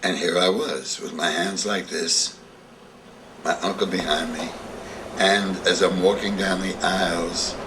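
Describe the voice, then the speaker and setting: A man's voice: low voice, distant mic, noisy background. An older man telling a vivid story from his past, acting out the scenes as he recalls them. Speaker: interviewee. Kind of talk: storytelling reminiscence.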